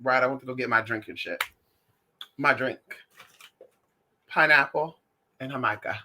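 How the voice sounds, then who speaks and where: A woman talking casually to her viewers in a lively, sassy way, often calling them honey and y'all. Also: rumbling low, normal speed. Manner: animated, sassy, calls listeners honey and y'all. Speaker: spiritual class teacher, vlogger.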